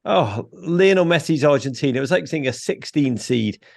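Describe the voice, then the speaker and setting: A man with a Liverpool accent chats as an interview guest, quick with jokes and full of excitement. His voice sits a little high and has a gravelly edge. The sound is dry and close. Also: dry recording. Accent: Liverpool English. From Liverpool, England. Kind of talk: animated interview chat.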